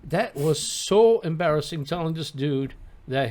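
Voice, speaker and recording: A man co-hosting a casual podcast, telling stories in an animated way. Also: a little high, unhurried. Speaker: podcast co-host. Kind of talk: casual chat.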